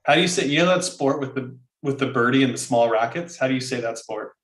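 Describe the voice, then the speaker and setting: A man's voice: mid-range voice, quick pace, fairly bright tone, reverberant, low-quality recording. A man from Canada, co-hosting a casual podcast chat in a loose, joking way and swearing now and then. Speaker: podcast co-host.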